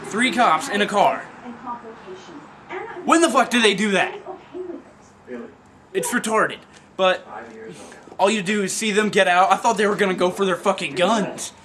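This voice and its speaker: A man telling a comic story with lots of swearing, dropping to mutters and then jumping into loud yelps, laughing as he goes. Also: sits high, unhurried, long pauses. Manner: profane, animated, swings between mutters and yelps.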